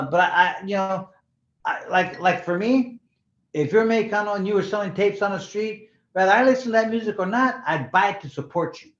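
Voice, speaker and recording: A sixty-year-old man from California tells stories as a guest, chatty and rambling, doubling back on his words. His voice sits a bit high for a man. The recording is echoey and dull, like a lo-fi room capture. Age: 60s. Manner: rambling, repeats words, drops into Spanish slang. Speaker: guest, former boxing champion. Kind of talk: casual storytelling interview.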